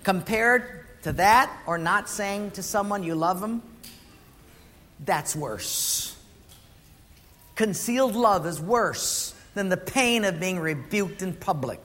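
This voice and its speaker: A man's voice: sits high, lively intonation, slow pace, a bit bright. A man preaching a sermon, telling stories and asking the congregation questions. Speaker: pastor. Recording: echoey hall with faint noise.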